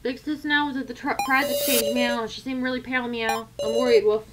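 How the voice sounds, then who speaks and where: A woman voicing a cute quirky kid who ends lines with meow and woof, with loud music behind. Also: on the high side, fairly even intonation, brisk, lightly acted. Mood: sulky.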